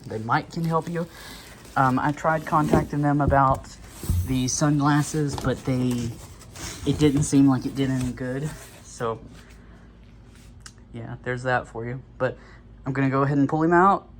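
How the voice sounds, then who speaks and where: Speaking in a steady, mid-range voice at a measured pace, a vlogger pauses often while casually unboxing something at home. He's a little breathless, rambling with frequent fillers and small chuckles. Faint background noise is audible.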